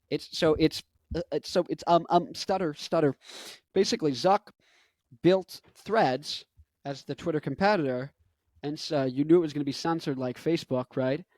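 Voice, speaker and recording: A man's voice: a little high, darkish tone, no room sound. A man in his twenties giving a casual commentary monologue, rambling and interrupting himself with joking asides. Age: 20s. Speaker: vlogger.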